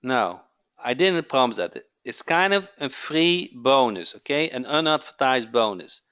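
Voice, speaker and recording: A man hosting a live webinar sales pitch, who keeps asking "okay?" and repeats his phrases. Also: sing-song, unhurried, bright, forceful tone, clean tone, highs cut off. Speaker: webinar host.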